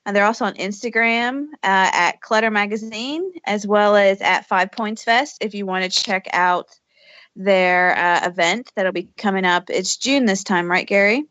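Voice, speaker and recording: A woman's voice: mid-range voice, normal speed, a bit bright, no echo. Giggly co-host woman, dull dry audio. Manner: easygoing, giggly. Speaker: podcast co-host. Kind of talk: casual chat.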